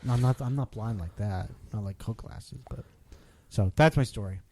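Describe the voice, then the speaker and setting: A man co-hosting a podcast, telling a story in a casual, animated way and loudly acting out what people said. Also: fairly low pitch, normal speed. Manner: animated, acts out quotes loudly. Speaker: podcast co-host.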